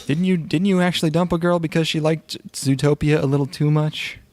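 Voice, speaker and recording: A man co-hosting a podcast, chatting in a laid-back, dry way with drawn-out fillers. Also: a little high, steady tone, darkish tone, slight background noise. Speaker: podcast co-host. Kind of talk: casual chat reviewing shows.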